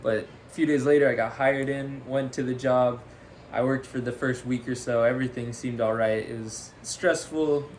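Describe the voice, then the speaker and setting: A man's voice: medium pitch, normal speed, a little hiss or hum. A young man co-hosting a podcast, telling a story casually and animatedly, laughing often. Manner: animated, laughs often, says "freaking" a lot. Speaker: podcast co-host.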